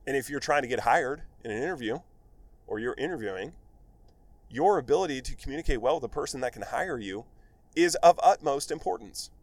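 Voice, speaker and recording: Male solo podcaster, loose and animated storyteller, mid-pitched voice, recorded dry and close. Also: fairly quick, no echo. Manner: rambling, filler-heavy, animated storytelling. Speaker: podcast host, medical device rep. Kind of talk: casual solo podcast monologue.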